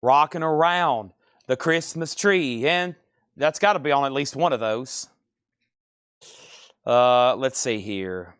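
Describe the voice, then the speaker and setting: A man's voice: mid-range voice, slow pace, pauses often, a bit bright, clean tone, dry recording, clean studio sound. A man hosting a live record sale, chatting casually and thinking aloud as he sorts and prices albums. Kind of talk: casual live sales patter.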